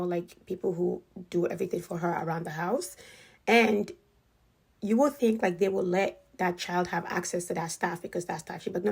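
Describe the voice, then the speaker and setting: Woman, raspy and a bit gravelly, casual storyteller, filler-heavy delivery. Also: lowish voice, darkish tone. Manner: chatty, leans heavily on "like" as a filler. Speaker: storyteller sharing experiences with a wealthy family.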